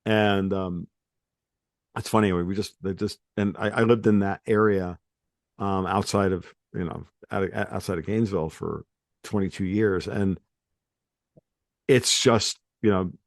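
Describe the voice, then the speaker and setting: A man's voice: sits low, fairly even intonation, measured pace, vocal fry, long pauses, no room sound, studio quality. A man from New York hosting a podcast, chatting casually in a rambling way with many restarts. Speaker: podcast host. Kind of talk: casual chat.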